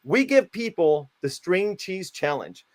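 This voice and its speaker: A man giving playfully absurd, mock-stern interview answers in a deadpan comic style. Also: high-pitched, a little slow. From United States. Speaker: guest, self-declared country founder.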